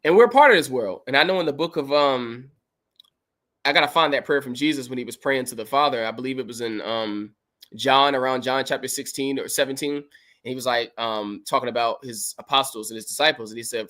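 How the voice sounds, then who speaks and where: Guy on a livestream reading bible verses and preaching about them, emphatic, mid pitch. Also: a little fast, pushed and bright. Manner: preachy, emphatic, reads scripture aloud and comments. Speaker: podcast host.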